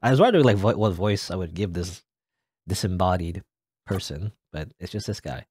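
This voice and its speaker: A man's voice: deep voice, animated, moderate pace, darkish tone, breathy edge, dry recording, studio quality. A man giving casual, musing commentary while playing a game, unsure and joking. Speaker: let's play gamer.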